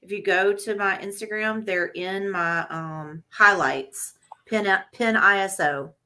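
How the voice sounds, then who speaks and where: A woman's voice: medium pitch, slow pace, bright, forceful tone. A woman joining a live stream as a guest, chatting casually in an easygoing, agreeable way. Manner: easygoing, agreeable, laughs along. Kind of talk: casual chat.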